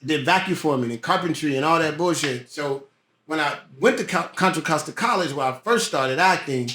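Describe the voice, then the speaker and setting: A middle-aged man, a guest actor, telling stories in a casual podcast chat with plenty of cursing, acting out the people in his tales. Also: high-pitched. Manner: profane, lively storyteller who acts out voices. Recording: roomy echo.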